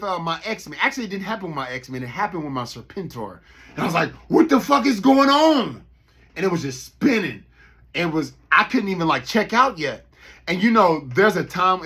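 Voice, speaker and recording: A man, a toy collector, ranting casually to his viewers in an animated, profane, rambling way. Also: a little high, slightly rough. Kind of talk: casual rant to camera.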